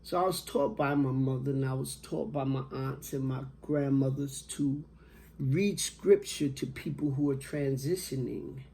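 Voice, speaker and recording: A middle-aged man telling a personal story as a motivational speaker, slow and reflective with long pauses. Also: mid-range voice, steady tone, dark tone.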